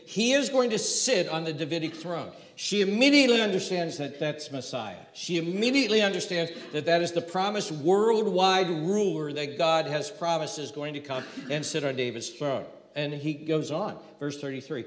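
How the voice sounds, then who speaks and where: Animated man preaching in an echoey hall. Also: fairly high pitch, moderate pace. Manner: conversational, animated, acts out scenes. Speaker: pastor. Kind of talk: sermon. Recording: echoey hall with long reverb.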